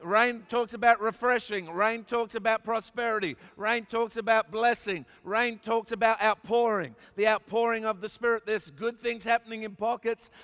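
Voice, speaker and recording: An Australian man preaching a sermon, joking with the crowd and rising to emphatic shouts. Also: high-pitched. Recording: long reverb of a large hall.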